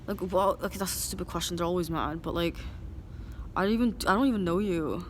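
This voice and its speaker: A woman's voice: lowish voice, fast talker. Casting: woman vlogger, rambling, noisy street background. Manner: rambling, many "like" fillers. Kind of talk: rambling casual monologue.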